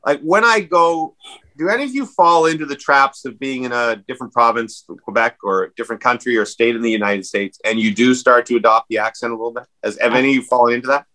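Bright-voiced middle-aged podcast man. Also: mid-range voice, fast talker, low-quality recording. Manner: chatty, asks the others questions. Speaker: podcast co-host. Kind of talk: casual chat.

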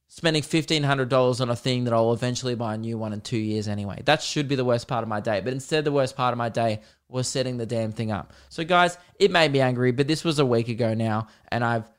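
A man rants on his solo podcast, telling the story with sarcasm and exasperation. His voice sits at an ordinary middle pitch, and he talks loosely and conversationally. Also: a little fast, clear, resonant tone. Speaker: podcast host. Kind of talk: casual solo podcast rant.

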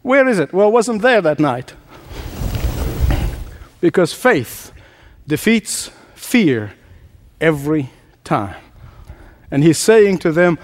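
A man's voice: on the high side, lively intonation, takes it slowly, long pauses. A man preacher giving a sermon, emphatic, repeating key phrases and laughing often.

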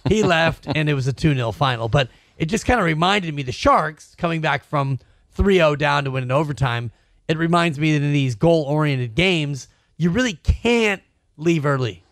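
A man's voice: on the high side, lively intonation, normal speed, a bit bright, dry recording, clean studio sound. A middle-aged man co-hosting a podcast, making jokes and wordplay in casual sports talk. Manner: jokey, wordplay-loving. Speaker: podcast co-host.

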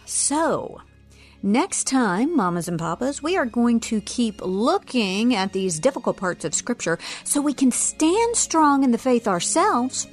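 A woman's voice: takes it slowly, soft background music. A woman teaching parents about scripture. She retells a story and acts out the voices of the people in it. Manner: acts out the students and professor with lively shifts of pitch.

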